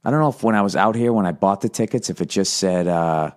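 In a casual solo monologue, a middle-aged podcast host from the United States tells a wandering, profane story full of tangents. He speaks in a fairly low voice and breaks into quick mock voices as he goes.

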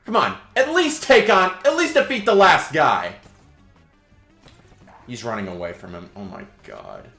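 A young man doing gameplay commentary, swearing and yelling sarcastically at his teammates. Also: medium pitch, very animated, unhurried, pauses often, echoey room, faint music behind. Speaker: gaming YouTuber.

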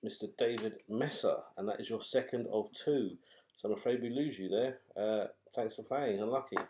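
A man hosting a live raffle draw, calling out numbers and names in a chatty, wry, unhurried way. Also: fairly low pitch, background noise. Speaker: raffle host drawing numbered balls.

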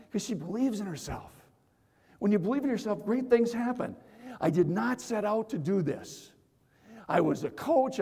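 Middle-aged male motivational speaker with a high voice, stage mic in a big echoing hall. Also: vocal fry. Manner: energetic storytelling, shouts to the crowd. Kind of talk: live motivational keynote. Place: large conference hall. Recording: long reverb of a big hall.

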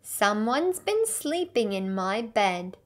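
A woman voicing a gruff father bear who growls his lines in a storybook reading. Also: mid-range voice, very animated, slow.

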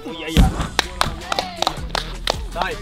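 A young man chatting excitedly with friends and calling out his tricks. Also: drawn-out words. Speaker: trampoline trick player. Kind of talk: casual chat between friends. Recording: loud background music.

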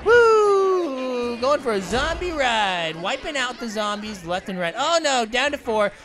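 Annoying Orange, a squeaky hyper talking orange. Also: male voice, moderate pace, noisy background. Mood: excited. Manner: excitable, silly, stutters and repeats words. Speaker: gaming channel host. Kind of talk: excited gameplay commentary. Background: game music.

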